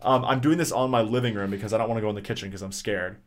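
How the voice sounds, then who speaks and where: A man's voice: fairly low pitch, racing. A young man casually telling a rambling story on a podcast, swearing often and full of fillers and restarts. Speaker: podcast co-host.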